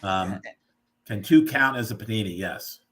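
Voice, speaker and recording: A man with a slightly low but bright, forceful voice hosts a casual live video chat. He talks playfully and explains words the way a teacher would, and he sounds as if he is on a video call. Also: measured pace. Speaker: host.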